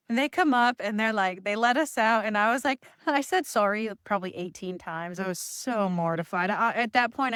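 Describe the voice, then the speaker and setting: A woman, a real estate agent, telling an embarrassing story in a casual, animated, self-deprecating way. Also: on the high side, clean tone, no room sound, clean studio sound.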